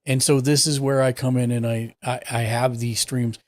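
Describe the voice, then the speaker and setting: A man's voice: mid-range voice, normal speed. A man hosting a live stream, casually explaining his setup step by step as he clicks through it. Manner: relaxed, explains step by step while clicking around. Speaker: streaming tech support host.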